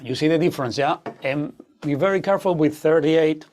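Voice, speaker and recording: Fairly high-voiced male guitar teacher, explanatory and loose, checking in with students often. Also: a little fast, darkish tone. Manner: explanatory, frequent "okay?" check-ins, hesitant fillers. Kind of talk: online masterclass teaching.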